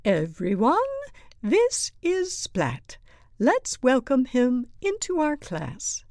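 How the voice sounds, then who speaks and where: A woman's voice: sits high, huge pitch swings, takes it slowly, darkish tone, no echo, studio quality, pitched above the performer's own voice, exaggerated voice. A woman voicing a proud, firm, round female cat teacher in a storybook reading.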